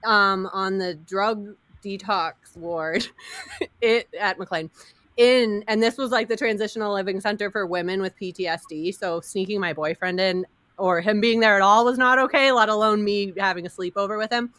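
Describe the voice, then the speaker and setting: A woman in her thirties telling a wild personal story in casual chat, animated and laughing, acting out quotes over a video call. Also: medium pitch, normal speed, no echo.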